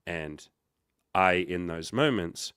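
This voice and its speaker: Male livestream host, deep register, loose chatty storytelling, dry close sound. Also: lively intonation, slow, a bit bright, clean tone, dry recording. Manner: rambling, self-correcting, with quoted dialogue. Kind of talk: casual storytelling.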